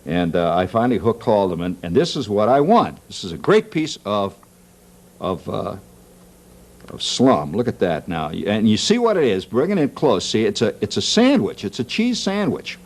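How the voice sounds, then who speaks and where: A man's voice: lowish voice, very animated, moderate pace. A man hosting a TV talk show, doing a jokey, wry comic monologue and laughing at his own jokes.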